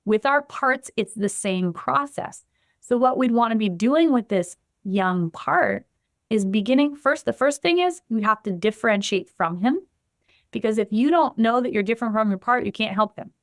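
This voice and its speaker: A woman guest on a podcast explaining her practice in an animated way, acting out the voices of the people in her examples. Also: on the high side, moderate pace, no room sound, studio quality. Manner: animated, acts out the quotes she gives. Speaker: guest, somatic trauma practitioner.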